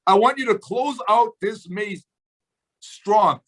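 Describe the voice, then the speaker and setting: A man's voice: sits high, slow, a bit bright, low-quality recording. A man in his seventies giving a fired-up motivational speech to a sales team on a video call, preachy and emphatic, full of rhetorical questions. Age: 70s.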